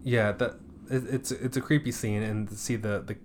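A man's voice: on the low side, fairly even intonation, moderate pace, a little hiss or hum. A man co-hosting a podcast in casual chat, joking around and swearing easily. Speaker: podcast co-host.

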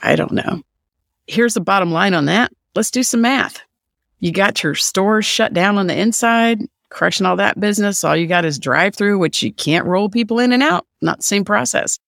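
A man's voice: sits high, moderate pace, creaky, fairly bright tone, no room sound, clean studio sound. A middle-aged man hosting a podcast, ranting solo in a sarcastic, profane way. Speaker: podcast host. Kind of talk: solo opinion rant.

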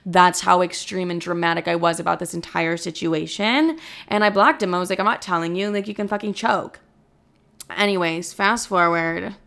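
Young woman in her 20s doing a storytime, super dramatic, swears a lot, says like nonstop, gravelly fry. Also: fairly low pitch, normal speed, a bit bright. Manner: dramatic, profane, heavy use of 'like'. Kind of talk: casual storytime monologue.

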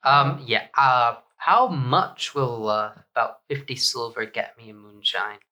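Bright-voiced man haggling at the table. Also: mid-range voice, lively intonation. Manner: slow, deliberate haggling. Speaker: player. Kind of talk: tabletop game chat.

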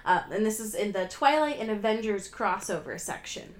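A woman's voice: medium pitch, expressive, normal speed, reverberant. A woman co-hosting a podcast, chatting casually with many fillers and reading fan fiction aloud. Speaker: podcast co-host.

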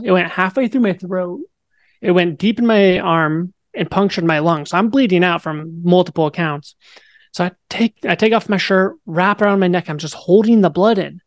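A young man in his twenties, speaking in a casual, animated way with many fillers, telling a personal story as an interview guest. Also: high-pitched, dry recording, clean studio sound.

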